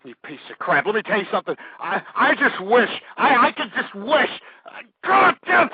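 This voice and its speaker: A furious male talk radio host yells his rant in a strained, very high, gravelly voice. He swears freely and repeats lines over and over. The sound is thin and tinny, like a phone line. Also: big pitch swings, normal speed, no room sound. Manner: shouting, furious ranting; repeats himself, curses often.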